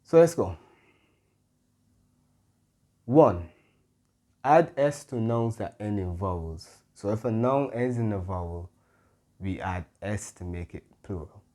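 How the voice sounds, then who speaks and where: A man teaching a Spanish grammar lesson, patient and careful, often pausing with "mm-hmm" and correcting himself. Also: lowish voice, expressive, warm tone. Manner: patient, stops to self-correct, frequent "mm-hmm" fillers. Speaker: Spanish tutor.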